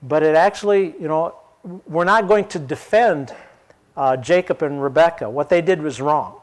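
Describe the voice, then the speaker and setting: A man's voice: on the high side, moderate pace. A man reading a Bible passage and explaining it in a conversational teaching style, asking rhetorical questions. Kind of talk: Bible study reading and commentary.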